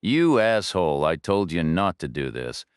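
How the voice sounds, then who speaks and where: A man's voice: deep voice, sing-song, normal speed, clear, resonant tone, no room sound, studio quality, pitched below the performer's own voice. A man voicing a furious middle-aged finance director who screams, pants and sneers sarcastically, in a storybook reading. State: out of breath.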